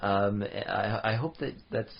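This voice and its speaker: A man's voice: on the low side, slow, gravelly, husky. A man co-hosting a podcast, talking casually and hesitantly with lots of fillers. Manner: hesitant, with frequent fillers and laughs. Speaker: podcast co-host. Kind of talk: casual chat. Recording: slightly dull lo-fi audio.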